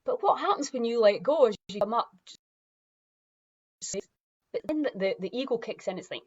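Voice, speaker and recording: A woman's voice: fairly high pitch, expressive, moderate pace, pauses often, a little mellow, husky, muffled recording. A woman, founder of a wellness movement, talking emphatically and animatedly, sometimes acting out other people's voices. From Scotland. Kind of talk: impassioned motivational talk.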